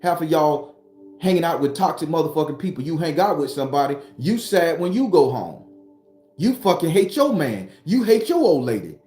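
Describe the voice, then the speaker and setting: A man's voice: fairly high pitch, big pitch swings, normal speed, mellow, soft background music. Blunt, profane man preaching in an echoey room. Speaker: spiritual vlogger and tarot reader. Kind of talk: casual motivational monologue. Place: sitting behind his home studio.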